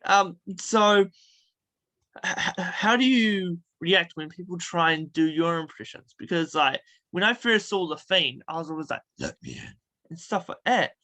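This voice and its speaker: A man's voice: high-pitched, unhurried, pushed and bright. Giggly hesitant male host. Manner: giggly, hesitant, lots of fillers. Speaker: interview host. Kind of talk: casual interview chat.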